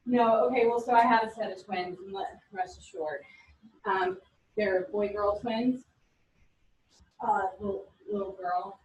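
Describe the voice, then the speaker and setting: A woman in her forties teaching a class, animated and telling stories with quoted voices. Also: mid-range voice, measured pace. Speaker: instructor. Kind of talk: classroom lecture. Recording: echoey room from a distance.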